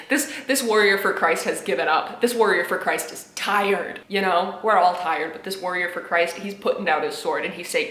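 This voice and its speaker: A young woman at home, reacting to memes with sarcastic, animated commentary, laughing often and dropping into muttered asides. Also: fairly low pitch, normal speed, reverberant. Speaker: video creator reacting to memes. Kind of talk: casual commentary vlog. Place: home apartment.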